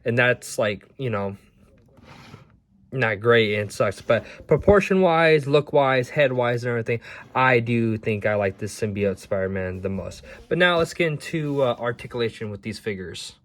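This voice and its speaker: A man talks through an action figure review in a loose, rambling way, often stumbling and restarting his sentences. His voice sits at an ordinary middle pitch. He is recording indoors at home. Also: expressive, moderate pace. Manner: rambling, stumbling over words. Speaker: toy reviewer. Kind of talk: casual toy review.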